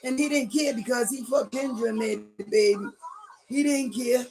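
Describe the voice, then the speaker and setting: A middle-aged woman gossiping on a livestream in a rambling way, now and then breaking into loud outbursts. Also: a little high, normal speed, faint music behind.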